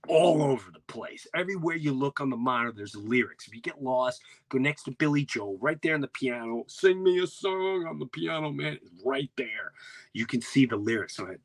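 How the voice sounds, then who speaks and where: Husky man telling a story, all over the place. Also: medium pitch, dry recording. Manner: animated, acts out quotes, voice rising and dropping to hushed asides. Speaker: podcast host. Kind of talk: animated storytelling.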